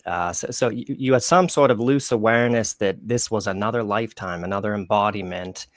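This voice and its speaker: A man's voice: on the low side, brisk, few pauses, dry recording. A man hosting a podcast interview, asking long, rambling questions with frequent restarts. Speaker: podcast host.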